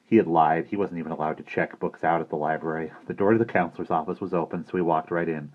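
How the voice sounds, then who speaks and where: A man reading a children's book aloud in a lively, expressive way, in a muffled lo-fi recording. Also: low voice, fast, hardly any pauses. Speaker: audiobook reader. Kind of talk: storybook narration.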